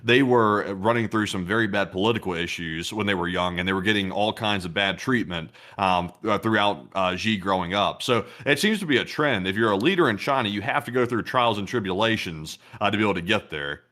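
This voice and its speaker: A male co-host whose voice is fairly low yet bright and forceful. He chats easily with plenty of fillers and reads viewer donations aloud. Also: fairly quick, hardly any pauses. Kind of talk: casual chat and reading donations.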